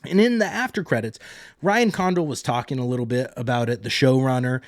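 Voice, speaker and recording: A man's voice: mid-range voice, fairly quick, dry recording, clean studio sound. A man hosting a solo podcast, recapping a TV episode in a casual, rambling way. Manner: casual, rambling, paraphrases characters in loose quotes. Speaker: podcast host.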